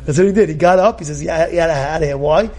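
Rabbi guy, pretty high voice, gets loud and emphatic, keeps asking questions. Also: quick pace. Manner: emphatic, animated, loud outbursts and rhetorical questions. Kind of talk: Torah class.

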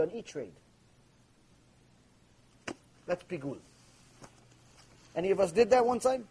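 A man's voice: high voice, sing-song, moderate pace, dark tone, husky, low-quality recording. A man giving a live Torah lecture, emphatic and repeating his key points, acting out imagined prayers. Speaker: Torah teacher.

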